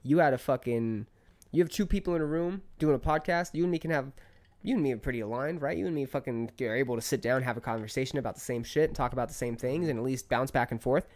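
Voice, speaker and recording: A man's voice: fast talker, darkish tone. Worked-up swearing man telling a story. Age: 30s. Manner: heated storytelling, swearing, rising pitch when worked up. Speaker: podcast guest. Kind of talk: casual podcast chat.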